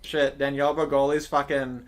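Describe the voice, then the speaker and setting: A man's voice: medium pitch, little pitch movement, moderate pace. A man hosting a casual online talk stream. He rambles and swears, laughs a lot and restarts often. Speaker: stream host. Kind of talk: casual chat.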